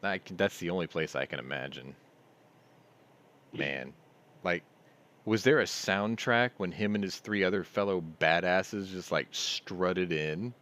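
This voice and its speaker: A man with a deep, low-pitched voice hosts a casual news stream from home. He reads out headlines, then breaks off into sardonic, offhand commentary. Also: measured pace, a bit bright.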